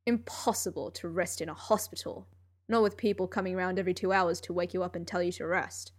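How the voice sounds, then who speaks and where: A woman's voice: fairly low pitch, fairly even intonation, a little fast, natural voice. Sherlock, a dry clipped detective, voiced by a woman. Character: aloof brilliant male detective, gruff.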